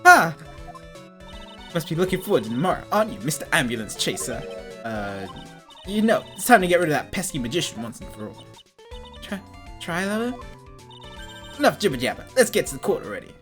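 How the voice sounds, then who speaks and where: Woman doing a loud rude puppet dude, low voice, mouthing off, little game music under it. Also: sing-song, brisk, pauses often. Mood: insulting. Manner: brash, mocking. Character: rude wooden puppet, male, brash and insulting.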